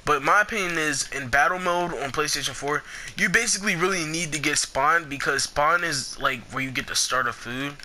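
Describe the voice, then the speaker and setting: Bright-voiced young man swearing through gameplay. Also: a little high, moderate pace, slight background noise. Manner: excitable, swears a lot, trash-talks opponents. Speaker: gameplay commentator. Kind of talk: casual gameplay commentary.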